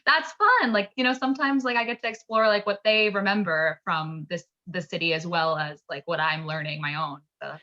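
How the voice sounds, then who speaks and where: Bright-voiced young woman, chatty. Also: lowish voice, moderate pace, few pauses. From upstate New York. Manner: chatty, lots of "like" fillers, laughs often. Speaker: podcast guest, actor and comedian. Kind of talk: casual chat. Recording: dull lo-fi sound.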